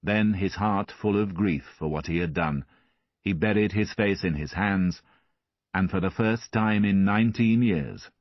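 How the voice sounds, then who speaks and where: A man reading a classic novel aloud as an audiobook narrator, measured and expressive. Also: sits low, dry recording, lo-fi sound.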